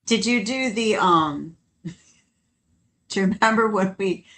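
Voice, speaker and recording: A woman co-hosting a casual podcast, chatty and quick to laugh as she tells stories. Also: mid-range voice. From New Orleans. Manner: chatty, laughs often, quotes others in lively bursts. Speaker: co-host.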